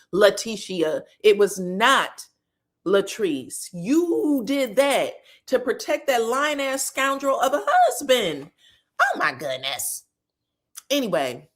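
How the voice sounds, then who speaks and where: A woman hosting a live reaction stream, recapping reality TV drama in an animated, emphatic way and laughing often. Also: medium pitch. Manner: acts out cast members' lines in quoted voices. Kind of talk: live gossip reaction chat.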